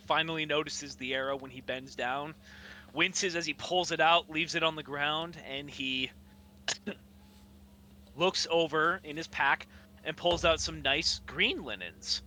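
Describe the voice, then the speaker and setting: A man narrating a tabletop game as game master, slow and descriptive, often coughing. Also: a little high, fairly even intonation, bright, forceful tone, slight background noise. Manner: slow, descriptive, with frequent coughs and throat-clearing.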